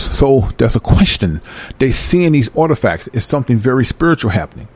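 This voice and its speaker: A man reading scripture aloud and breaking into fervent, emphatic commentary, talking excitedly like a Bible teacher. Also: medium pitch, slightly rough. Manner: reads verses then breaks into fervent commentary; emphatic, animated, apologizes for going fast. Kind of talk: excited scripture study talk.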